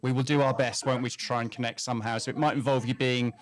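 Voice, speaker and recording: A man from southern England interviewing a friend, asking friendly, measured questions in a casual chat. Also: medium pitch, little pitch movement.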